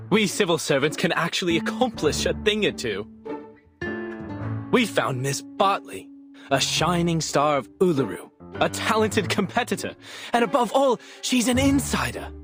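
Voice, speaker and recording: An actor playing an overexcited, sleepless young civil servant with theatrical bursts of energy in a game. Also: male voice, on the high side. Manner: excitable, theatrical, fast-talking bursts. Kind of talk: game voice acting.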